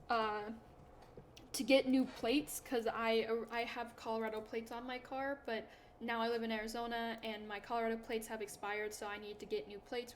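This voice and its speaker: A young woman talks casually to her audience in a slightly high voice. She rambles through self-deprecating stories, full of "like" and restarts. A faint background noise sits under the recording. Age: young adult. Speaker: YouTuber. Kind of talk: casual chat to camera.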